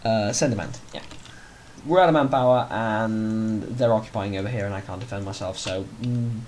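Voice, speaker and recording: A man's voice: medium pitch, a little mellow, a little hiss or hum. A man hosting a let's play, giving casual, rambling commentary on his strategy game and often correcting himself mid-sentence. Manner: rambling, chatty, self-correcting.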